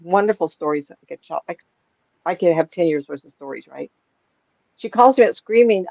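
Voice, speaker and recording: Her voice is on the low side and moderately paced: a middle-aged psychic medium chatting casually, telling lively stories and acting out quoted voices. The recording is dry, with a dull lo-fi quality.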